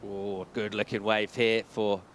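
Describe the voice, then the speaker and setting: A man's voice: on the low side, little pitch movement, measured pace, a bit bright, slight background noise. A man working as play-by-play commentator, calling a surf contest live in a chatty, joking, upbeat way.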